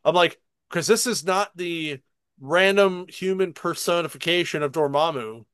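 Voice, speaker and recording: A man in casual podcast chat, retelling a show in an animated way and swearing freely. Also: a little high, normal speed, clear, resonant tone, no echo. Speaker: podcast co-host.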